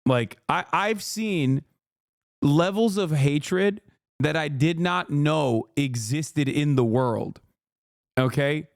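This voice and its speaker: A man's voice: a little high, slow pace, gravelly, dry recording, studio quality. Heated, profane man ranting on stream. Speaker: livestreamer. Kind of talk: casual political commentary rant.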